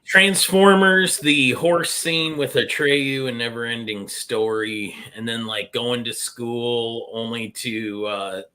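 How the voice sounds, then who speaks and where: A man in casual chat, making wry, deadpan complaints. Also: mid-range voice, takes it slowly, few pauses, clean tone.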